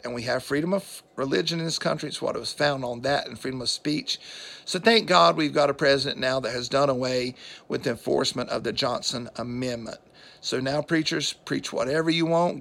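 Gravelly-voiced man on a rambling rant. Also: mid-range voice, a bit bright. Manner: opinionated, preachy, sidetracked with fillers. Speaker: political vlogger. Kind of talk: rambling political monologue.

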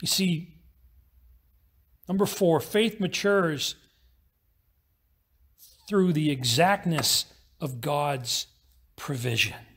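High, husky-voiced male pastor preaching. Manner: storytelling with quick acted-out voices in the parable. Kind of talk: sermon.

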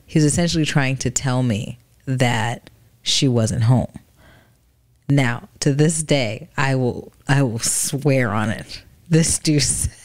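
A woman's voice: deep voice, a little mellow. A young adult woman co-hosting a podcast, telling stories in casual chat and laughing often. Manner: chatty storyteller, laughs often. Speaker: podcast co-host.

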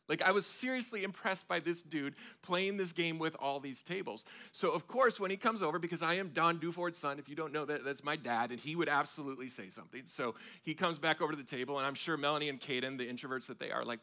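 A man, preaching a sermon as a pastor and telling self-mocking stories in an animated way. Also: on the high side, fast talker, hardly any pauses. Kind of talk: storytelling sermon. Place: church sanctuary.

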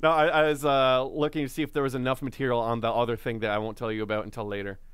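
A man co-hosting a podcast in relaxed casual chat, reading off contact details. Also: medium pitch, racing, clear, resonant tone, dry recording. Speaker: podcast co-host and producer.

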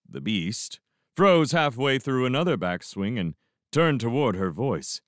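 Casting: deep-ish male fan audiobook narrator, slow and lively, dry close sound. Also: dry recording. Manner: slow, expressive first-person narration. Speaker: audiobook reader.

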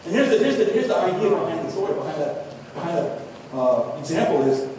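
A man preaching a sermon as pastor, earnest, dropping softer when quoting scripture. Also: on the high side, sing-song, fairly quick, a little hiss or hum. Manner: earnest preaching, drops to soft tones for quotes. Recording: echoey hall from far off.

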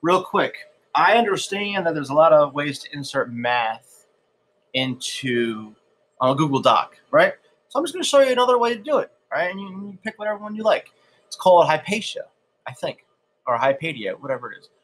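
A slightly high-voiced man talks through a screen tutorial in a loose, chatty way. He keeps checking in with his listeners and drifts into a country accent now and then. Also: sing-song, moderate pace, a bit bright. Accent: slips into a country accent at times. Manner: loose, chatty, lots of "right?" and "okay?". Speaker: edtech tutorial host. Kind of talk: casual screen-recorded tutorial.

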